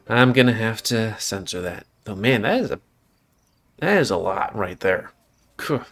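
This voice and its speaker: A man's voice: lowish voice, expressive, measured pace, a bit bright, faint music behind. A man hosting a gaming video, reading a visual novel aloud with casual asides between passages.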